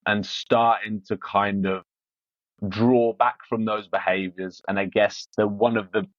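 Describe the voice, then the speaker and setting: A man's voice: lowish voice, level tone, unhurried, no echo. Guest, male, frank and unpolished, stumbles and restarts a lot; dry, slightly dull lo-fi recording. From Iran. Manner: frank, repeats words, many restarts. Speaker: podcast guest. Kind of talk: casual interview chat.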